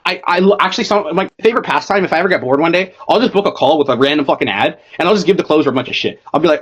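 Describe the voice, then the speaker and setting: A man's voice: a little high, lively intonation, rapid-fire, few pauses, a bit bright, breathy edge. A young man coaching a sales rep over a call, blunt and swearing constantly. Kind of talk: profane casual coaching call. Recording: dull lo-fi call audio.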